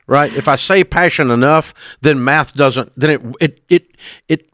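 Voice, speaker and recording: A man's voice: a little high, unhurried, fairly bright tone, no echo, studio quality. A middle-aged man hosting a call-in radio advice show, speaking bluntly and emphatically and scolding bad choices.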